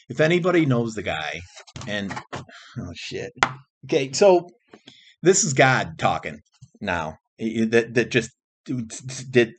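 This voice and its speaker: Man rambling in a profane monologue. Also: fairly low pitch. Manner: rambling, profane, jumps between topics; frequent restarts and repeated phrases. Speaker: vlogger.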